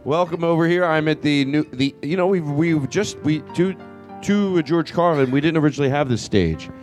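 A man's voice: fairly high pitch, a little fast, darkish tone, faint music behind. A man hosting a comedy podcast, telling a stand-up bit in a rambling, self-mocking way and laughing often.

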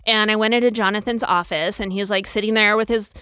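A woman telling a personal story in casual chat, animated, acting out the quotes. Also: fast, smooth, no room sound, clean studio sound. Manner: animated, acts out quotes with big pitch jumps.

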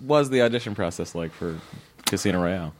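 A man co-interviewing a guest, with quick joking interjections. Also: low-pitched, animated. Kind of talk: casual interview chat.

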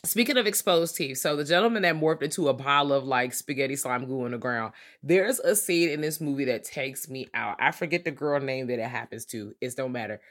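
A woman co-hosting a podcast, recapping a horror comedy in a casual, profane and animated way. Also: very deep voice, fairly quick, few pauses. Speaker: podcast co-host. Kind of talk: casual movie review chat.

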